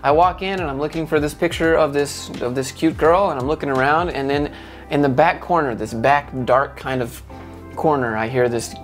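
A man hosting his own video channel, telling a dating story in a casual, animated way. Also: a little high, normal speed, faint music behind. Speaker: YouTube host.

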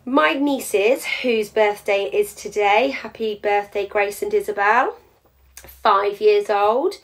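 A woman's voice: mid-range voice, slow. A woman talks viewers through a craft live. Her delivery is chatty and practical, and she explains each step as she works. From England. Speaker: jewellery teacher.

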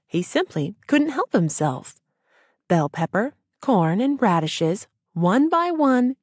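A woman narrating a rhyming children's audiobook in a gentle, sing-song storytelling way. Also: fairly low pitch, husky, no room sound, clean studio sound.

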